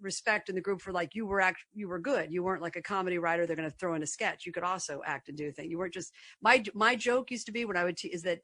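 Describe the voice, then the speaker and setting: A woman's voice: on the low side, fast, hardly any pauses, a bit bright, no echo, clean studio sound. A middle-aged woman being interviewed, chatting casually in a rambling, self-deprecating way. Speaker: guest.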